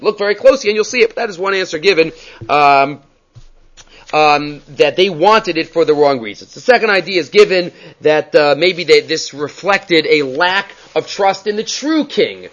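A man's voice: fairly high pitch, fairly bright tone, muffled recording. A man teaching a Torah class in English, quoting Hebrew texts and asking rhetorical questions as he explains.

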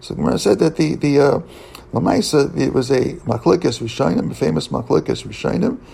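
Guy teaching talmud, husky gravelly voice, keeps stumbling and restarting, hebrew terms all through. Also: fairly high pitch, animated, warm tone, low-quality recording. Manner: halting, with many restarts and fillers; mixes English with Hebrew and Aramaic terms. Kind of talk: Talmud study lecture.

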